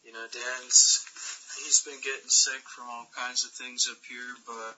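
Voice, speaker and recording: A man's voice: mid-range voice, flat delivery, unhurried, pushed and bright, low-quality recording. A man casually moderating a group call, easygoing and hesitant, with fillers.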